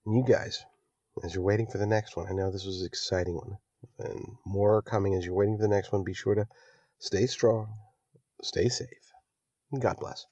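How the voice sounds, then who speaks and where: A man hosting a political podcast, delivering a rousing monologue that builds to near-shouting exhortation. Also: on the low side, steady tone, moderate pace, long pauses, no echo, dull audio. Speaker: podcast host.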